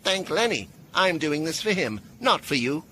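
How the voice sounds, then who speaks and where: A man voicing an imperious, ageless female mage who speaks with sharp authority and sly sweetness. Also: a little high, very animated, normal speed, a little hiss or hum, pitched above the performer's own voice. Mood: wry. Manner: commanding and sly.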